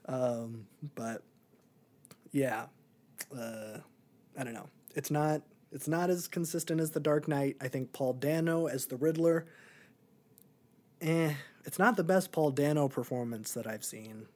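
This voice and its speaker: A man's voice: mid-range voice, unhurried, pauses often, darkish tone. A young man and podcast co-host in a casual movie review chat, rambling with many ums and likes.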